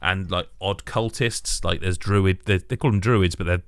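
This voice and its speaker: A man's voice: sits low, fairly even intonation, normal speed, clear, resonant tone, no echo, clean studio sound. A man co-hosting a games podcast in casual chat, eager and rambling, often correcting himself.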